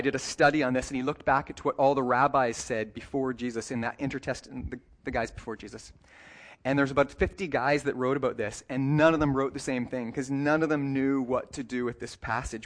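A man preaching a sermon as pastor, talking in a relaxed, conversational way with light jokes and quick self-corrections, and slowing down to read scripture deliberately. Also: medium pitch. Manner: reads scripture passages slowly and deliberately.

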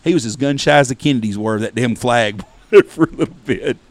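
Gravelly man telling a cussing story. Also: medium pitch, brisk, no room sound. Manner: profane, animated anecdote-telling. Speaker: podcast host. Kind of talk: casual storytelling.

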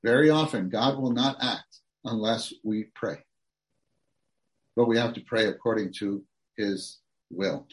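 A man's voice: on the low side, measured pace, pauses often. A man preaching a sermon, reading outline points aloud and then expounding earnestly to the congregation.

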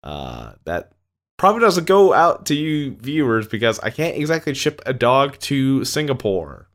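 A man's voice: mid-range voice, big pitch swings, normal speed. A man from Canada co-hosting a podcast, chatting casually and rambling with lots of fillers. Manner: laid-back, rambling with many fillers. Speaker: podcast co-host. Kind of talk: casual chat.

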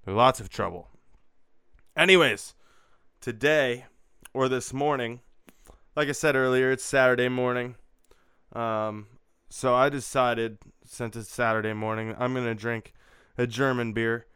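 A man's voice: mid-range voice, steady tone, a little slow, long pauses, a bit bright, smooth, dry recording, studio quality. A young man hosting a crude morning beer-review show, rambling and swearing with lots of fillers. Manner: profane, rambling, frequent fillers. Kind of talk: crude casual morning vlog.

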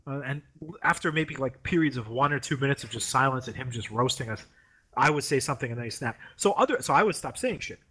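A young man casually telling a story, animated, swearing freely and acting out the people in it. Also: mid-range voice, fast, husky. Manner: animated, swears a lot, mimics the professor in raised voice. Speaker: former grad student telling a story.

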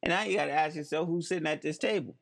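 A man's voice: fairly high pitch, racing, creaky, fairly bright tone. Emphatic man giving commentary. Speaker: host. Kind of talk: monologue commentary.

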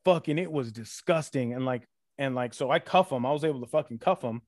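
A man's voice: mid-range voice, fairly quick. A man, a podcast guest, telling a rowdy story in casual chat, swearing constantly and piling on fillers. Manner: profane, animated storytelling full of fillers. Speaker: podcast guest, former retail loss-prevention worker.

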